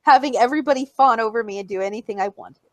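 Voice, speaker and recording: A young woman co-hosting a podcast in casual chat, animated and fond of mimicking voices in squeals and coos. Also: fairly high pitch, racing, no room sound. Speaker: podcast co-host.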